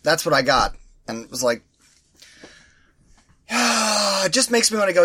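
A man's voice: sits high, a little slow, pauses often, slightly rough. A man co-hosting a podcast, ranting sarcastically in casual chat and mimicking the people who annoyed him. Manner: ranting, sarcastic, animated quoting of others. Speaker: podcast co-host.

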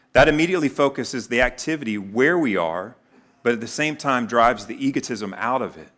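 A man's voice: medium pitch, fairly bright tone. A middle-aged male pastor giving a sermon in an earnest, conversational way, slipping into spoken prayers.

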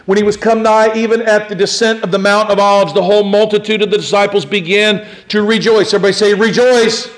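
A pastor delivers an animated sermon in a high voice, talking fast with few pauses. He swings between shouting and hushed tones and declaims scripture aloud.

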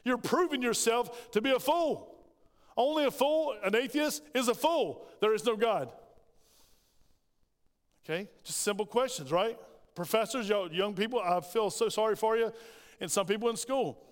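A man's voice: high-pitched, moderate pace. A man preaching a sermon as pastor, firing off rhetorical questions and acting out scripture quotes. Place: church sanctuary. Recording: long hall reverb.

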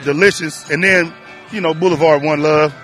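A man's voice: fairly high pitch, steady tone, normal speed, a bit bright, soft background music. A man chatting in an easygoing, friendly way as a guest at an outdoor beer festival. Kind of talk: casual chat at a beer festival.

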